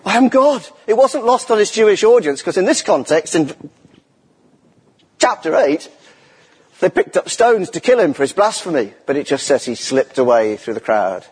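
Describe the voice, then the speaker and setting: A man's voice: on the high side, very animated, moderate pace, a little mellow, breathy edge. A middle-aged man preaching a sermon in a church, earnest and emphatic, repeating key phrases for weight. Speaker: lay preacher. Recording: echoey church hall with long reverb.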